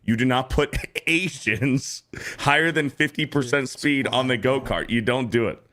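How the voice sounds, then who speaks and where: A man co-hosting a casual stream, telling a story in a profane, animated way and acting out the quotes. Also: medium pitch, normal speed. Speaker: stream co-host.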